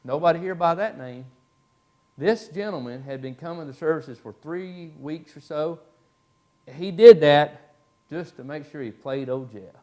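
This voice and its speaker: A man's voice: a little high, unhurried, mellow. A man teaching a church Bible class, telling stories in a folksy way with many fillers. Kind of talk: storytelling in a class.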